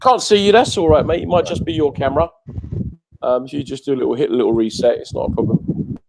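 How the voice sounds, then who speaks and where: A man's voice: on the high side, fast talker, gravelly, background noise. A man hosting a live online chat show, jokey and matey. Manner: jokey, matey, calls the guest mate. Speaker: radio show host.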